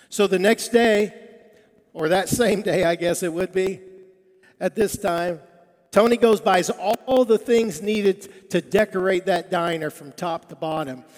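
A male preacher with a high-pitched voice tells a story, quoting each character in turn. He keeps the telling animated. A long reverb from a big sanctuary trails his words. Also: measured pace. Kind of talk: sermon storytelling. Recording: long reverb of a large hall.

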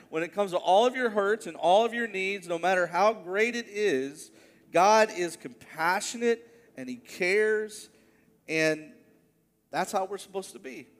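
Brief: male pastor, earnest storytelling sermon, slightly high voice, long hall reverb. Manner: earnest storytelling preacher, slows on key words. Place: church sanctuary.

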